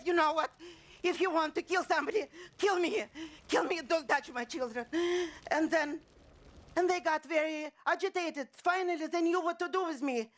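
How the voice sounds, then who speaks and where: A woman acting a middle-aged mother who survived a pogrom, speaking in a halting stage monologue full of restarts and repeated words. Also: high-pitched. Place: theater stage.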